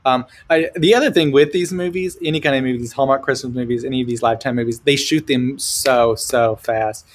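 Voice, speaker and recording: Relaxed, filler-heavy male co-host. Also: medium pitch, a little fast, few pauses. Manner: relaxed, explaining with many fillers. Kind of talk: casual chat.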